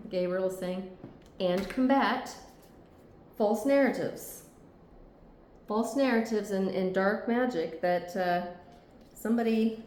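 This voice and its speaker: A woman's voice: fairly low pitch, darkish tone, a little hiss or hum. Echoey, reassuring woman reading tarot. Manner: earnest, reassuring, frequent "okay?" check-ins. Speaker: tarot reader. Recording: echoey room.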